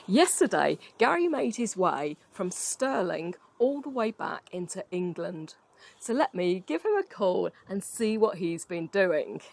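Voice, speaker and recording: Woman, vlog host, cheerful, laughing, slow-paced. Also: medium pitch, very animated, creaky. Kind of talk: casual chat.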